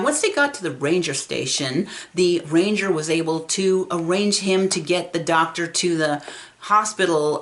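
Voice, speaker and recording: Low-voiced woman telling a story. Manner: conversational, expressive retelling. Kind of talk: storytelling narration.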